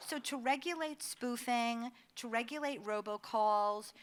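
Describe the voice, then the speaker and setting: A middle-aged woman giving a conversational presentation, an animated storyteller who laughs often. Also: on the high side, measured pace, clean tone. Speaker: advocacy staff speaker.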